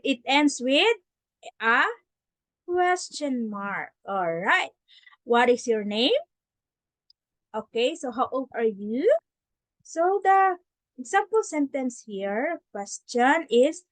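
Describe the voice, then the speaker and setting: A woman's voice: on the high side, no echo, rough recording. A woman teaching a grammar lesson for young children over a shared screen. She talks patiently, repeats herself and models how sentences should sound. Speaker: online English teacher.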